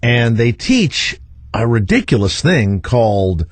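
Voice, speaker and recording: A man's voice: mid-range voice, big pitch swings, slow pace, no echo. A middle-aged man hosting a radio show, blunt and crude, laughing at his own stories in casual banter.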